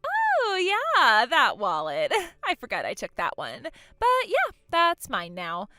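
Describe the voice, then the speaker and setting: A woman's voice: high-pitched, wildly swooping pitch, slow, bright, forceful tone, no room sound, pitched above the performer's own voice, heavily acted. Woman putting on a bratty, gloating younger sister. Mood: taunting. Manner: gloating, taunting, giggly. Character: spoiled, vain, mocking younger sister, woman. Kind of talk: acted story dialogue.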